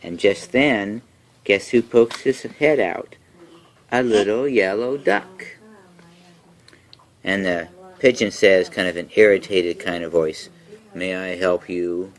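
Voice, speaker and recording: A woman at home reading a picture book aloud to young children, gently coaxing them with questions. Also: extremely low pitch, slow, pauses often.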